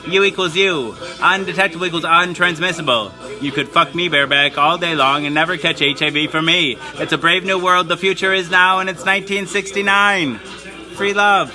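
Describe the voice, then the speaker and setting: A man's voice: fairly high pitch, fairly even intonation, normal speed. A man performing a theatrical, campy spoken-word monologue on a live stream and reading a children's book aloud in a playful singsong. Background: music.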